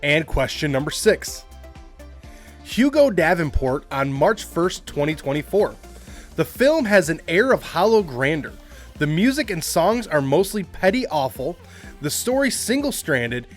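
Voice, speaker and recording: Male quiz host, a bit high-pitched, reads clues then chats offhand; light music bed. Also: big pitch swings, measured pace. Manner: reads quotes aloud, then comments casually with asides. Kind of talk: hosting a movie trivia quiz.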